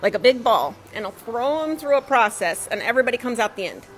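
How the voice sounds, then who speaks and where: High-voiced chatty woman attendee. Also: big pitch swings, fast, slight background noise, poor audio. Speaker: event attendee. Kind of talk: casual chat.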